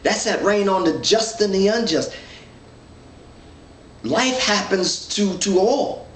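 In an echoey room with a far-off mic, faint ambience and some hiss or hum, a man with a high voice leads a men's Bible study. He reads scripture slowly and explains it in an earnest, thinking-aloud manner, restarting many times as he teaches informally.

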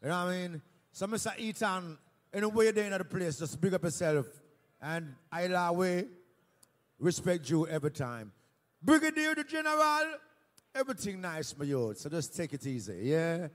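A man giving respect and shout-outs from a live stage as a sound system selector. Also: high-pitched, big pitch swings, normal speed. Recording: echoey live hall.

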